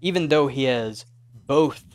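A man narrating as game master of a tabletop horror game, in a measured, descriptive way. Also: mid-range voice.

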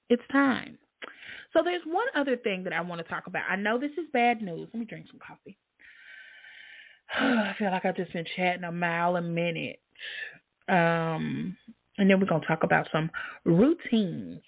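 A woman hosting a casual livestream, reading chat comments aloud and reacting in an animated way, her voice jumping high for emphasis. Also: gravelly, breathy edge, no room sound. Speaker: livestream host. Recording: dry, tinny phone-like sound.

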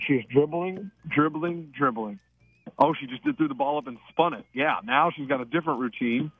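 An excitable man calls free throws shot by shot in play-by-play style. His fairly high voice comes through a dry, dull phone line. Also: moderate pace, gravelly, husky, dry recording. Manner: excitable, breathless narration. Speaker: radio show regular. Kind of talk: play-by-play commentary.

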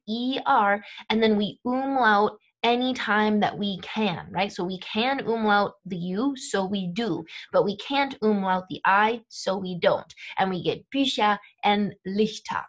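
A woman teaching a grammar lesson, explaining each step clearly and methodically. Her pitch sits in the middle of the range. She keeps checking that learners follow with a quick "okay?" or "right?". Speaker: language teacher.

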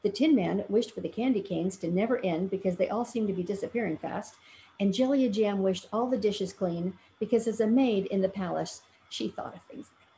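A woman reading a children's story aloud, with gentle, measured storytelling. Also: mid-range voice, a little hiss or hum, poor audio. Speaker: story reader for a fan club.

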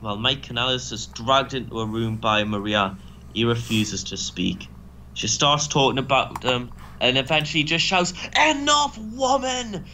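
A man co-hosting a casual gaming commentary, animated, sarcastic and sweary. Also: mid-range voice, normal speed, slight background noise. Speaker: co-host.

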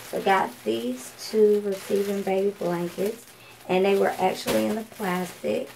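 A woman's voice: medium pitch, steady tone, measured pace, vocal fry, a little mellow, a little hiss or hum, low-quality recording. A woman from Georgia, chatting casually through a thrift haul with lots of ums and self-corrections. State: coughing from allergies. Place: home at night.

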